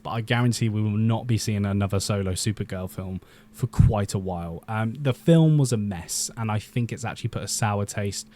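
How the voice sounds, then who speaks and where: A man's voice: on the low side, lively intonation, moderate pace, darkish tone. Chatty man giving film opinions. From Britain. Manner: chatty and opinionated, with frequent "um" and restarts. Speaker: YouTube film commentator. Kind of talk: casual opinion vlog.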